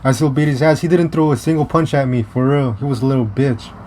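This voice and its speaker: A man's voice: mid-range voice, steady tone. Young american guy rambling thru a story, lots of restarts and cussing, bit of hiss behind. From United States. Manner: rambling, halting with many restarts and fillers; profane, blunt. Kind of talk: casual storytelling vlog.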